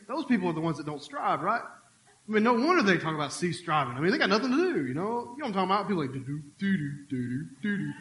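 Animated male pastor preaching in an echoey room. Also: sits high. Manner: conversational, animated preaching with quick asides. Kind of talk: sermon. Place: church sanctuary.

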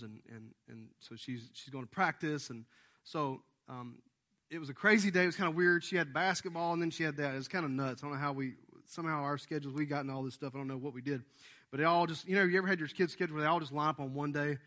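A man preaching a sermon as the pastor, telling a family story in an animated, conversational way. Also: a little high.

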